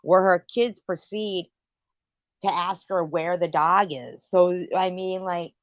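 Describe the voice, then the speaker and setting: Woman host, deep and slow-talking, swearing through a loose, rambling late-night stream rant on dull lo-fi audio. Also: fairly even intonation, dry recording. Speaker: livestream host.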